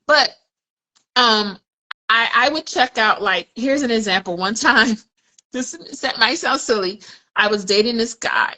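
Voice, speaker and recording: Bright-voiced woman telling a candid story. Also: a little high, a little slow, poor audio. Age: 40s. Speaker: podcast co-host. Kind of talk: casual podcast conversation.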